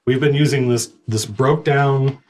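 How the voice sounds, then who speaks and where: A man narrating as game master, talking in a rambling, halting way with many restarts. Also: medium pitch, steady tone.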